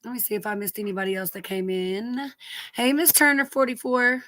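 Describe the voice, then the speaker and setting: A woman's voice: on the high side, fairly quick, fairly bright tone, no room sound. A middle-aged woman hosting a casual live stream from home, greeting viewers by name, sniffly from allergies and cursing lightly as she chats.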